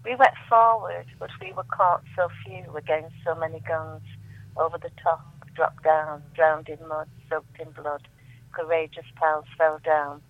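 A woman on the phone reading her poems aloud with measured, emphatic delivery. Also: low voice, fairly even intonation, no echo. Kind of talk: poetry reading over the phone. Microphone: telephone. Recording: tinny dry phone line.

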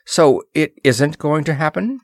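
A man doing a gruff sardonic flyer. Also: mid-range voice, animated, a little slow, no room sound, clean studio sound, lightly acted. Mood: gruff dry. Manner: muttering, gruff, sarcastic. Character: gruff young male space flyer, dry and sardonic. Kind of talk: audiobook character voice.

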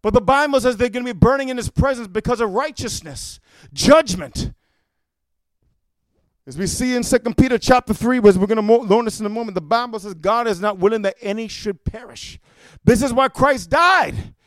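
High-voiced man preaching a fiery sermon. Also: moderate pace, dry recording, clean studio sound. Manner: punctuates with "amen?", builds to shouting.

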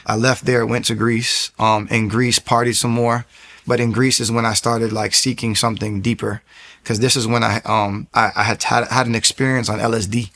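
A man's voice: mid-range voice, moderate pace. Man giving a rambling personal testimony. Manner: rambling, animated storytelling with restarts. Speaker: testimony speaker.

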